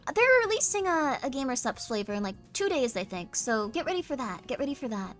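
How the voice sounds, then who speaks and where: A tired young woman streaming, chatting casually with her viewers and squealing into high notes when something excites her. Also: fast, faint music behind. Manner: bubbly, jumps to squeaky highs when excited. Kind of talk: casual live-stream chat.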